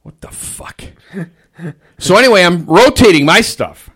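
Male restaurant manager, crude and animated storyteller, swinging pitch. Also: unhurried, husky. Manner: crude, swears constantly, animated ranting. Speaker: fast-food restaurant manager. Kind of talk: casual profane venting chat.

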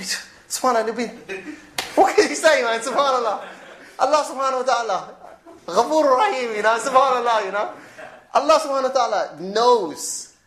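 A woman preaches in a loose, conversational way, repeating herself for emphasis and breaking into chuckles. Her voice sits at a middling pitch. The recording carries a noticeable room echo. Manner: animated, chuckling asides, repeats phrases. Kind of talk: informal religious talk. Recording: roomy echo.

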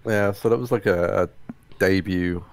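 Male co-host with a very deep voice, relaxed, keeps the chat moving. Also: measured pace, gravelly. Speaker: podcast co-host. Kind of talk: casual chat.

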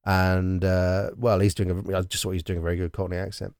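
A man's voice: low-pitched, flat delivery, a little fast, darkish tone, clean tone, no room sound, clean studio sound. A British man chatting casually about a film, talking in bursts with lots of restarts and the odd swear word. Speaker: podcast co-host. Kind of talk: casual film-discussion chat.

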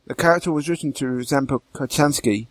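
Halting man chatting on a podcast. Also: medium pitch, no room sound. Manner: halting, restarts and fillers. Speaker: podcast co-host. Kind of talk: casual podcast discussion.

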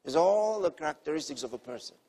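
A man preaching a sermon, earnestly teaching and repeating key phrases, moving between soft, quiet lines and emphatic ones. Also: a little high, lively intonation, fast talker, breathy edge.

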